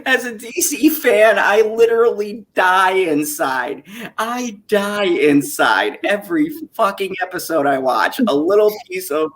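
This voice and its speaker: A woman's voice: medium pitch, animated, measured pace. A woman hosting a casual stream, ranting in a profane, exasperated way with frequent laughter. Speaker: streamer hosting an open chat.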